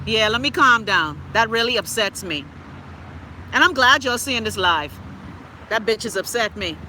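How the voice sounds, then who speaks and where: A Bahamian woman hosting a live stream, reading viewers' comments and ranting loudly and profanely. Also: fairly high pitch, lively intonation, moderate pace, slight background noise. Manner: loud, profane, exclaiming ranting. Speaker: livestream host.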